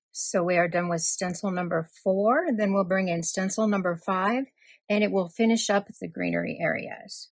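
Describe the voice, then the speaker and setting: A middle-aged woman calmly explaining card-making steps in a voice-over tutorial. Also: mid-range voice, no echo. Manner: calm step-by-step explaining.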